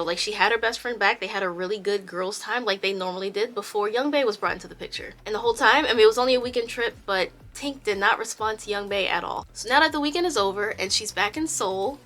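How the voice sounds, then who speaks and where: Chatty woman telling a storytime. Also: mid-range voice. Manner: chatty, animated. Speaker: YouTuber. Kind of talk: storytime narration.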